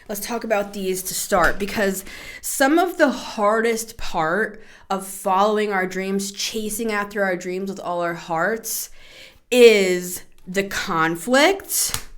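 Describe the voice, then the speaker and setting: A woman in her thirties hosting a tarot podcast, talking in a casual, chatty way, animated, laughing and swearing freely. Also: mid-range voice, slow pace. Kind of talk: casual spoken tarot reading.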